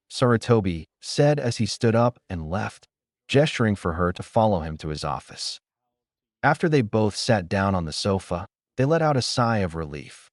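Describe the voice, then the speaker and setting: Deep, lively male fan fiction narrator. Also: normal speed, no room sound, studio quality.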